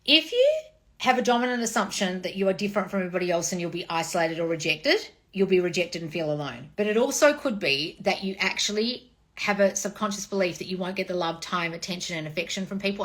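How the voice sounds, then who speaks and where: A woman in her forties, a dating and manifestation coach, chatting casually on a livestream with blunt, profane tough love and swooping high replies. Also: animated, fast, fairly bright tone. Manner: sweeping high "oh wonderful, darling" replies. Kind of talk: casual livestream chat reading comments.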